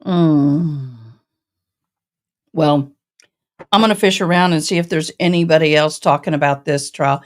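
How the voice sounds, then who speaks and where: Speaking low and at a measured pace with long pauses, a fortysomething woman hosts a casual live stream and talks to viewers by name. Her folksy Southern accent is a mix of East Tennessee and Texas, reflecting her Tennessee birth and Texas upbringing.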